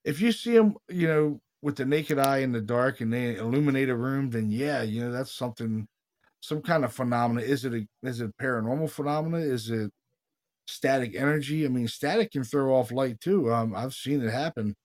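A man hosting a paranormal podcast, telling stories in a casual, animated way, swearing freely and saying "dude" a lot. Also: medium pitch, a little fast. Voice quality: animated storyteller, swears freely, says "dude" and "you know what I mean" a lot. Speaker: podcast host, paranormal investigator. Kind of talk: casual chat.

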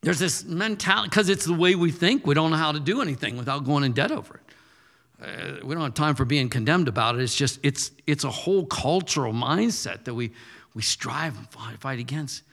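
Male pastor, thirties, bright tone, long church-hall reverb, conversational with forceful peaks. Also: a little high, fairly quick, gravelly. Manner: conversational, punchy, rising to forceful declarations. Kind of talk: sermon.

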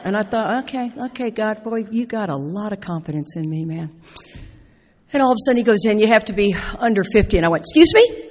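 A middle-aged woman speaking at a recovery meeting, telling stories with playful, animated asides. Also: medium pitch, fast, slight background noise. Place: large meeting hall. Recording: echoey hall with long reverb.

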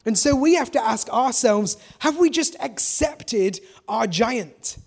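A pastor with a notably high voice delivers a lively sermon. He tells the story with energy and keeps asking rhetorical questions. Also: takes it slowly, creaky, few pauses.

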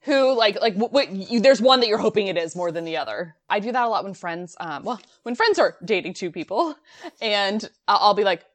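A woman's voice: medium pitch, lively intonation, fairly quick. Chatty woman podcast co-host. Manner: chatty, laughs often, trails off. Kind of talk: casual chat reviewing a sitcom episode.

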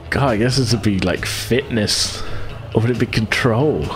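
A man's voice: medium pitch, slow, faint music behind. A man running a tabletop game podcast as game master, talking casually with frequent chuckles and fillers.

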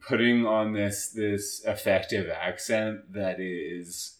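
A man's voice: lowish voice, steady tone, slow pace. A man co-hosting a podcast in casual chat, with a dry, teasing manner. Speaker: podcast co-host. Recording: roomy echo.

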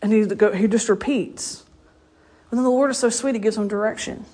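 Husky woman preaching. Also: medium pitch, a little fast, mellow. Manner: conversational storytelling, laughs often. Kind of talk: informal sermon.

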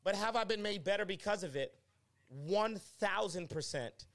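A young man, a pastor, talking as a guest in a casual conversation and telling stories emphatically. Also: moderate pace. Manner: animated, emphatic storytelling with pitch swings.

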